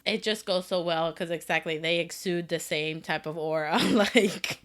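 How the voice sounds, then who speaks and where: A woman's voice: lowish voice, fairly even intonation, normal speed, hardly any pauses. A woman co-hosting a casual pop music podcast, gushing about songs with lots of filler words. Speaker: podcast co-host. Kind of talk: casual chat.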